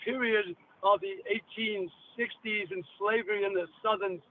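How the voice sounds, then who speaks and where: A man's voice: sits high, steady tone, normal speed. A man rambling bluntly and cursing on a call-in show. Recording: tinny phone line with hiss.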